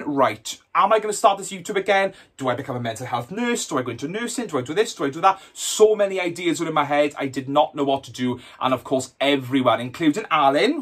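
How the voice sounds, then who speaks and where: Camp and sassy, a Welsh man in his twenties answers questions in a laid-back YouTube vlog, his voice jumping around and his language full of swearing. The voice is a little high with a fairly bright tone.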